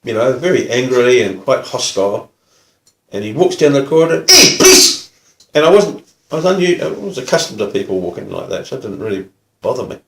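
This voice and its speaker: An older man with a New Zealand accent, a retired police officer telling stories in a relaxed, casual way. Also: mid-range voice, fast, creaky, reverberant, a little hiss or hum. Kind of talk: casual storytelling.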